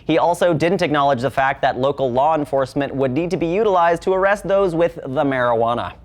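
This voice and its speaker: A man's voice: on the high side, brisk. A man anchoring a satirical local newscast, reading in a sardonic, editorializing way. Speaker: news anchor.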